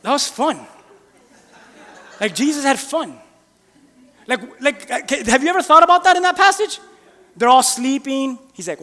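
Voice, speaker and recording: A male pastor preaching a sermon in a casual, animated way, firing rhetorical questions at the congregation. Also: very high-pitched, moderate pace, long pauses. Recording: long reverb in a large hall.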